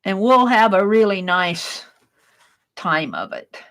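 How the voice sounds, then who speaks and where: A woman's voice: mid-range voice, lively intonation, slow, fairly bright tone, poor audio. A woman hosting an art livestream, chatting casually with her viewers and telling a story while she crafts, in a rambling, giggly way.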